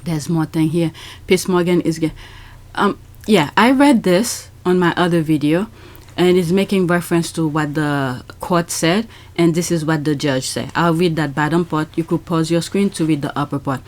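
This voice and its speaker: A woman's voice: low-pitched, normal speed, darkish tone. Chatty woman reading tweets aloud. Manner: chatty, many fillers, reads aloud and comments. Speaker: commentary channel host.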